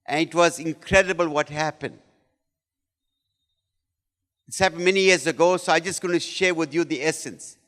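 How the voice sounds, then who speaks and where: A man from gives an animated storytelling talk to parents and acts out the voices of the people in his stories. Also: on the high side, moderate pace, long pauses. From South Africa. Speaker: educationist addressing parents. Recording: long hall reverb.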